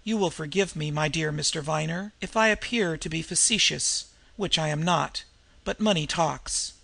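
A man reading an audiobook, voicing a cool, debonair young gentleman thief who speaks wearily and with dry politeness. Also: a little high, vocal fry, heavily acted. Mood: bored. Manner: weary, unhurried, drily polite. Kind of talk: audiobook character voice.

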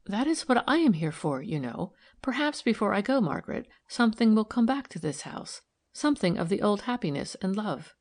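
A woman voicing a kind young female investigator who asks gentle, probing questions in an audiobook. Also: medium pitch, sing-song, fairly quick, pitched above the performer's own voice. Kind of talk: audiobook character reading.

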